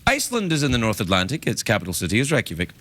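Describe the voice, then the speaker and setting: A middle-aged man hosting a late-night chat show, joking in a playful, animated way. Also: medium pitch, very fast, background noise. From Scotland. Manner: playful, jokey, animated delivery. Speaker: talk show host. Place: TV studio with audience.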